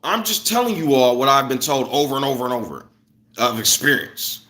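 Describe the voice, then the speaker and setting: Bright-voiced man ranting on a stream. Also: mid-range voice, brisk. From Illinois, USA. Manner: loose, animated, swinging between loud bursts and muttered asides. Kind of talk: casual livestream rant.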